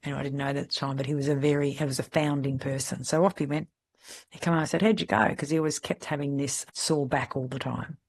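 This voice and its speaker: A middle-aged woman with an Australian accent, a podcast host telling candid, lively stories in casual chat. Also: very deep voice, fast talker. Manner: lively, candid anecdotal storyteller. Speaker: podcast host, salon mentor.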